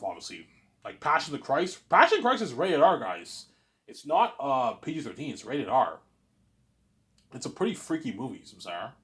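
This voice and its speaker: A man hosting his own series, talking in a casual, excitable, rambling way and often repeating words as he restarts. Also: medium pitch. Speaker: host of a listening series.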